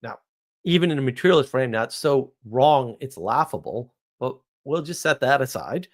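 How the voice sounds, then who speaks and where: On a live stream, a man delivers a blunt, ranting monologue, posing questions and answering them himself. His intonation is lively and his pitch swoops widely up and down, though he speaks at a normal speed.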